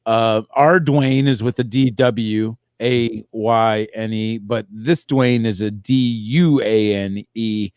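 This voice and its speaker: A man's voice: lowish voice, fairly even intonation, slow, few pauses, darkish tone, smooth, no echo. Rambling man on a comedy podcast. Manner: rambling, meandering hypotheticals. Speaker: podcast co-host. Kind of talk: casual comedic chat.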